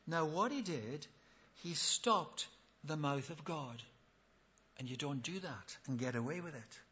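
Impassioned high-voiced male preacher. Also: animated, unhurried, breathy edge. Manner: impassioned, swings from loud appeals to hushed tones; acts out biblical speakers in quoted voices. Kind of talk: sermon. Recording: dull lo-fi recording.

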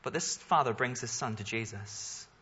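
A man's voice: mid-range voice, moderate pace, sharp tone, slightly rough, muffled recording. A man preaching a sermon as the pastor, earnest, asking rhetorical questions and building in force for emphasis.

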